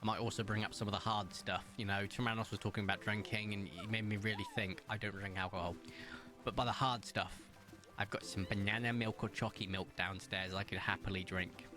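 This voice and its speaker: A man's voice: brisk, music in the background. Chatty man streaming. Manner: chatty and excitable, sudden jumps up in pitch. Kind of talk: casual live-stream chat.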